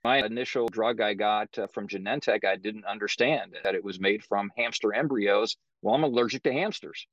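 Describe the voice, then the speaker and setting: Man, middle-aged, podcast guest, measured, low voice, muffled dry sound. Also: a bit bright, no echo. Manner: measured, matter-of-fact storytelling. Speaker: guest, author. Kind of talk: podcast interview.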